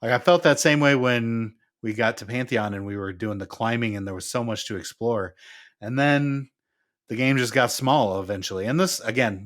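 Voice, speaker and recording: A man co-hosting a casual gaming podcast, relaxed and teasing, laughing often. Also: mid-range voice. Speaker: podcast co-host.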